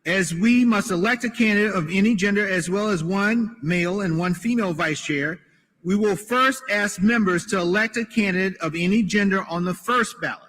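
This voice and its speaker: Official, man, reads a procedural statement formally; high voice, hall reverb. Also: fairly bright tone. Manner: formal, with halting restarts. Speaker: party official announcing election rules. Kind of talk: reading a prepared procedural statement. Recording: clip with long hall reverb.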